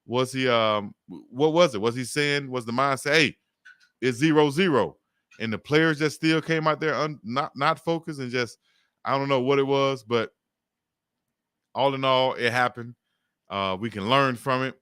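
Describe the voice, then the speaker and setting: A man's voice: medium pitch, normal speed, a bit bright, smooth, no echo, studio quality. A man as a guest commentator in a casual sports debate, animatedly retelling the plays.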